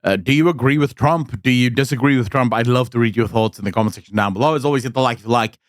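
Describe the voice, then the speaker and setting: Male commentary host, mid pitch, blunt and emphatic, close dry sound. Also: fast, no echo. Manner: blunt, emphatic, sarcastic asides. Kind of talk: opinion commentary monologue.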